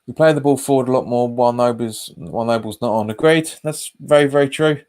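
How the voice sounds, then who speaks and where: A football fan channel host with a medium-pitched, slightly mellow voice talks quickly during a live match watch-along captured by webcam. Chatty and casual, he responds to the game and the live chat, frequently addressing viewers as "mate."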